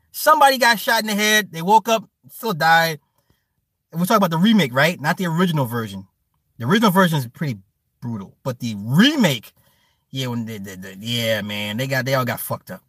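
A man in his thirties hosting a stream, chatting casually, loud and profane, telling stories with animated swings. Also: a little high, no room sound. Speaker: stream host reading chat. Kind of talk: casual chat.

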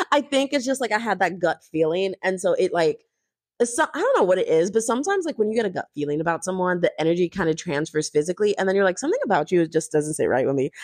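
A woman's voice: medium pitch, no room sound, clean studio sound. A young woman recapping a reality show in a gossipy, chatty way, full of casual fillers. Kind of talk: casual chat.

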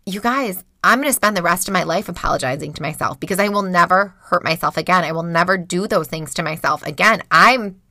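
Recording from a small home closet, a podcast host in her thirties speaks briskly in a fairly low, sharp-toned voice. The sound is clean with no room ambience, and her candid, emotional monologue to listeners is full of swearing.

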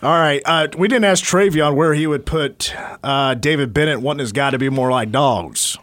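A man hosting a sports talk show, recapping a college football game in steady, casual detail. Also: fairly high pitch, normal speed, no room sound. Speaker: sports radio host.

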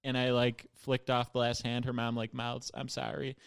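A young man on a podcast, telling a story in casual chat, laughing often and getting animated. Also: mid-range voice, moderate pace, clear, resonant tone, no echo, clean studio sound. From Buffalo. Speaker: podcast guest.

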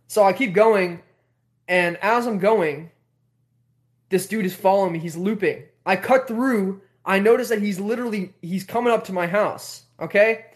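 Young guy hosting a live hangout, high voice, fired up and rambling, swears a lot. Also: moderate pace. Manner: animated, swearing, repeats himself. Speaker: host. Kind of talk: casual storytelling on a live stream.

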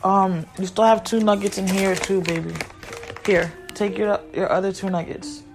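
A woman's voice: mid-range voice, fairly even intonation, normal speed, over music. A woman hosting a podcast who talks frankly and in a scattered way to her listeners, breaking off now and then to look after her kids. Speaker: podcast host and mother. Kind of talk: candid casual rambling to listeners.

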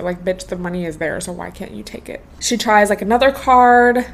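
A woman's voice: mid-range voice, a little fast, slight background noise. A woman in her twenties hosting a podcast, telling a casual storytime with lots of slang and swearing. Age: 20s. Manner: slangy, animated, swears freely. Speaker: podcast host.

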